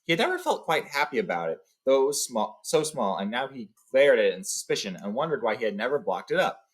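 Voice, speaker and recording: A man with a mid-range, husky, sing-song voice reads a novel aloud quickly. He alternates between reading passages and casually summarizing them, using fillers, in a book read-along.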